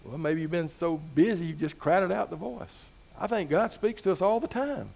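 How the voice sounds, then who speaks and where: A man's voice: high-pitched, normal speed, vocal fry, a little mellow. A man preaching a sermon as pastor, talking to the congregation in an easygoing way with rhetorical questions and rising emphasis.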